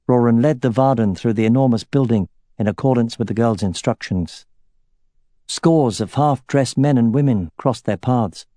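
A male audiobook narrator with a mellow, mid-range voice delivers scripted narration in measured, expressive storytelling. The recording is dry and clean, studio-quality.

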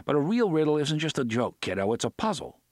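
A playful older riddler with a lifted, bouncing voice, as a man puts him on. He teases with a lively swing in every line, close and dry to the mic, as if read from a storybook. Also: a little high, fast talker, no echo, voice pushed up. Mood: teasing. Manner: playful, teasing, sings in a full melodious voice. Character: older man, genial riddle-loving folk singer.

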